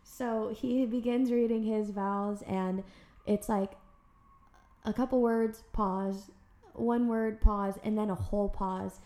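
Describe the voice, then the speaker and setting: A woman podcast host telling a personal story in a casual, animated chat. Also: medium pitch, slow pace. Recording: roomy echo.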